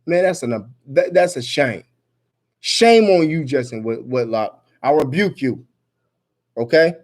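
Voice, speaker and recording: A man's voice: mid-range voice, animated, measured pace. A man reads a news story aloud and rants about it in an angry, emphatic voice full of swearing. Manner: angry, emphatic, swearing, rising to near-shouts. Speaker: vlogger commenting on news. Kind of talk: reading news aloud and ranting.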